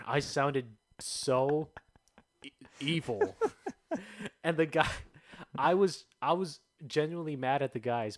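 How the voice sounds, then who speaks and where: Young man telling stories with laughs. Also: mid-range voice. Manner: animated, laughing, acts out voices. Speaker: podcast host. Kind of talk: casual storytelling chat.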